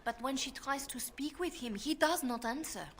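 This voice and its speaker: Erlina, French-accented handmaiden. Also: female voice, sits high, normal speed, fairly bright tone. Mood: urgent. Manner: earnest, pleading, with exaggerated French inflection. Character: anxious young female handmaiden to a queen.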